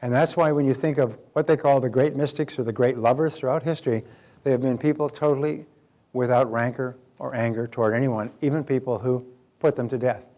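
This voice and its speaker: An older man delivers a live self-help seminar in a mid-pitched voice. He tells stories with animated energy and briefly takes on the voices of the people he quotes. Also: brisk. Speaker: motivational seminar speaker.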